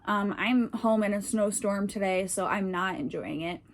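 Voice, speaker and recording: At medium pitch and a normal speed, this woman hosts a podcast, chatting loosely about things people have posted online. Her talk wanders, packed with fillers, and she comes across as slightly tired and out of breath.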